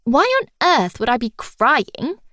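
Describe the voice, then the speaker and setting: A woman's voice: on the high side, expressive, slow pace, pushed and bright, no echo, studio quality, voice pushed up, heavily acted. A woman voicing a posh, irritable young woman who answers in clipped, haughty tones in an audiobook. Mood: irritated. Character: posh, prickly young woman in a hospital bed.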